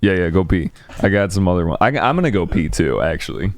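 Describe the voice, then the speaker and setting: A man's voice: deep voice, lively intonation, quick pace. A young American man hosting a podcast in casual chat, curious and hesitant, asking questions with many fillers. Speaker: podcast host.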